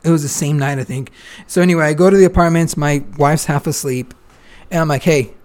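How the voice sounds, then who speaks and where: Young norcal guy on his podcast, rambling story, kinda higher voice, says like and dude a lot. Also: a little fast. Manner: rambling, animated, full of "like" and "dude". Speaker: podcast host. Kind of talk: casual storytelling chat.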